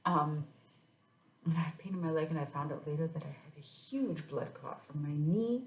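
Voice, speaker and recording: A woman's voice: low-pitched, normal speed, gravelly. A woman in her thirties, a mother telling her own story in a casual, rambling way with many restarts. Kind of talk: casual personal vlog. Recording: echoey room.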